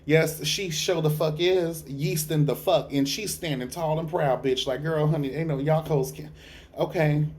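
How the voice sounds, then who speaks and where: A man's voice: a little high, steady tone, normal speed, a little mellow. Sassy, tired male TV reviewer. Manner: sassy, profane, gossipy. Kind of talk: casual review vlog. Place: dark room at home.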